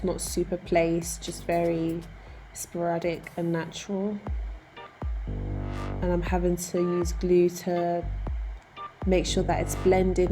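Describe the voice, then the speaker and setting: A young woman, calmly narrating her hair tutorial step by step. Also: lowish voice. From United Kingdom. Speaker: vlogger. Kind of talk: voice-over tutorial.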